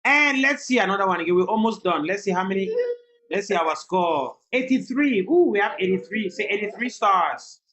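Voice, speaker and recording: A woman's voice: mid-range voice, expressive, normal speed, fairly bright tone. A woman teaching young children in a classroom, coaxing them and repeating prompts for them to echo back. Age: adult. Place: classroom in a temporary learning center. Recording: echoey room with faint noise.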